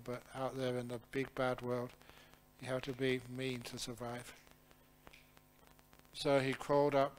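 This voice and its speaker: A man who is a Buddhist monk, giving a humorous question-and-answer talk with lively storytelling. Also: mid-range voice, a little hiss or hum. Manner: humorous, chuckling, animated storyteller.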